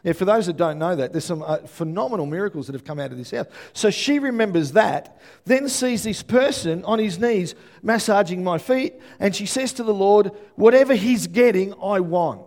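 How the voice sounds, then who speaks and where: Animated Australian pastor, fairly high voice. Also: male voice, normal speed. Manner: animated storytelling with frequent "yeah?" check-ins to the congregation. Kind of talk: sermon.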